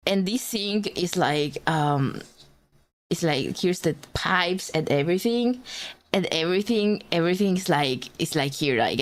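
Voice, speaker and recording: Woman rambling, swearing streamer. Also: low voice. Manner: rambling animated storytelling with swearing and laughter. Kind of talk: casual livestream chat.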